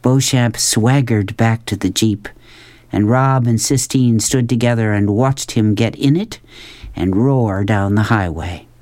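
Calm male audiobook narrator, slow and measured, dry close sound. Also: lowish voice, no echo. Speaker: audiobook reader.

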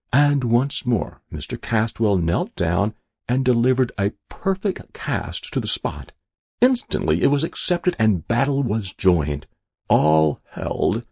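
A man reading a story aloud in a measured, expressive storytelling manner. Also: mid-range voice, vocal fry, slightly rough, no echo, clean studio sound. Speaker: narrator.

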